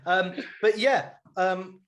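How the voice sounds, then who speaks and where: A young man hosting a casual podcast, rattling through a recap with a joke here and plenty of "um"s. His voice sits a touch high, loose and chatty. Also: steady tone, takes it slowly, crowd noise. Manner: bantering, filler-heavy recap. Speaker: podcast host. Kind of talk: casual chat.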